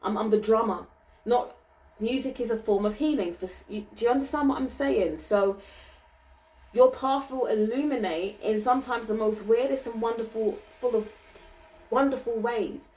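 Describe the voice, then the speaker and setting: A woman giving a channeled card reading, gentle and reassuring, often ending her sentences with "okay?" and laughing lightly. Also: a little high, moderate pace, distant mic, low-quality recording. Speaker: spiritual card reader.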